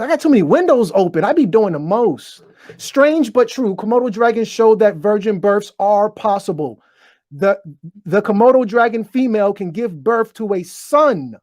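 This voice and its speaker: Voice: medium pitch, darkish tone, no echo, studio quality. Stuttering, profane ranting host. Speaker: online show host. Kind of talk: ranting monologue to viewers. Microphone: desk microphone, bumped while talking.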